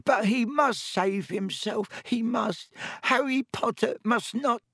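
A man voicing a small, anxious male house-elf in an audiobook, in a high, squeaky, moaning, pleading voice. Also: slow pace, fairly bright tone, slightly rough, no echo, clean studio sound, exaggerated voice. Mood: miserable pleading. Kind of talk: audiobook character voice.

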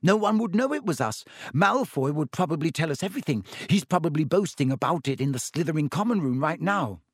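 A man's voice: on the high side, lively intonation, brisk, slightly rough, no echo, clean studio sound, pitched above the performer's own voice. A man voicing a clever, insistent schoolgirl. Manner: quiet, cautious, then impatient.

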